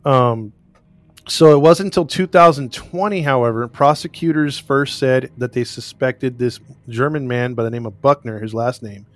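A man's voice: medium pitch, moderate pace, dry recording. Rambling man in casual chat. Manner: rambling, restarts often, laughs at himself. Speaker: podcast co-host recounting a case.

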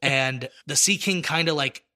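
Casual podcast talker, very bright and lively, acts out scenes as he narrates. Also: fairly high pitch, measured pace. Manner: animated storytelling, acts out scenes. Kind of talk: casual chat.

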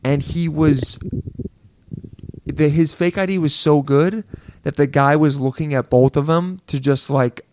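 A man in casual podcast chat, laid-back, cursing freely and reacting fast. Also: on the high side, steady tone, a little mellow.

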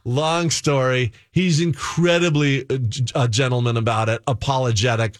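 A man's voice: mid-range voice, fairly even intonation, moderate pace, hardly any pauses, dry recording. A man spins a long personal story in a loose, conversational way. He rambles and restarts, fills his sentences with fillers, and slips into other people's voices as he goes. His voice is dry and close, with no room sound. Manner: rambling, full of fillers and self-interruptions, acts out other people's lines. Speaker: guest telling a story.

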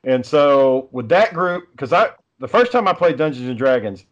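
A man's voice: mid-range voice, big pitch swings, normal speed, dull audio. A man telling rambling, profane stories in casual chat with friends.

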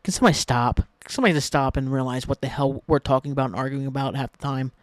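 A man's voice: mid-range voice, rapid-fire, no echo, studio quality. A man hosting a solo podcast, rambling casually and ranting with lots of swearing. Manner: rambling and ranty, swears freely. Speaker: podcast host.

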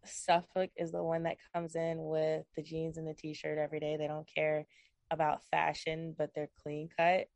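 A woman's voice: low-pitched, normal speed, no room sound. Chatty young woman, dry sound. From Virginia, USA. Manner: animated and rambling, laughs often. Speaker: guest. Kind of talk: casual chat.

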